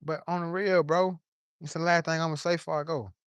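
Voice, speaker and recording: A man's voice: on the high side, steady tone, brisk, a bit bright, clean tone, dry recording. A man giving an impassioned, profane monologue to camera from his yard, preaching in plain street talk while a little under the weather. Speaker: vlogger.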